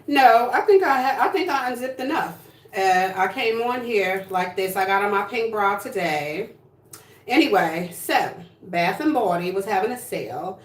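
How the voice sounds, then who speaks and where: A woman's voice: medium pitch, lively intonation, moderate pace, far from the mic. A woman from New Jersey chatting casually on a livestream, sassy and blunt with plenty of swearing. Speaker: livestream host. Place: home room, indoors. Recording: echoey room, voice from off-mic.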